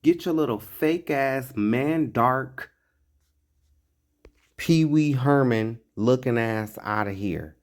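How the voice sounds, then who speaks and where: A man's voice: mid-range voice, slow. A man giving blunt, profane, mocking reaction commentary on a clip.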